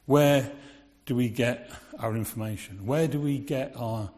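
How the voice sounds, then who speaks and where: A man's voice: mid-range voice, unhurried, a little mellow. A man giving a sermon in a conversational way, asking his listeners rhetorical questions. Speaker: preacher. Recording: long reverb of a large hall.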